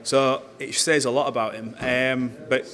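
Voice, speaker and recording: A man's voice: medium pitch, fairly even intonation, unhurried. A man interviewing a boxer at an event, chatty and teasing, asking long rambling questions. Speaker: boxing interviewer. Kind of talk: casual interview. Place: busy boxing arena. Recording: loud arena crowd behind.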